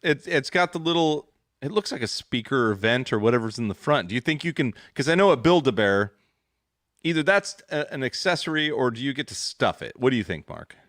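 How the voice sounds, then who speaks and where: A man's voice: mid-range voice, animated, a little fast, fairly bright tone, no echo, studio quality. A man hosting a podcast, joking and teasing his co-hosts in casual chat. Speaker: podcast host.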